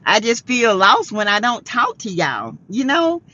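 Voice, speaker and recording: A woman's voice: fairly high pitch, wildly swooping pitch, a little slow, bright, forceful tone. A woman hosting a casual live chat, tired, laughing often and greeting viewers by name. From South Carolina. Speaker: livestream host. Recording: dull lo-fi sound.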